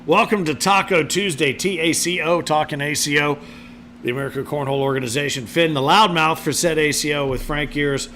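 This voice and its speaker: A man hosts a casual podcast, rambling from one topic to the next with easy jokes and plenty of fillers. His voice sits a bit high and has a bright, forward edge. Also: fairly even intonation, a little fast, a little hiss or hum. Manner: chatty, jokey, loose with many fillers. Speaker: podcast co-host. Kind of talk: casual show hosting.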